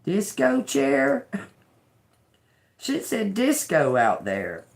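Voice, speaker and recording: An older woman doing a live tarot reading, talking slowly and bluntly with swearing, repeating words as she reads the cards aloud. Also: medium pitch, wildly swooping pitch, gravelly. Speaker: tarot reader.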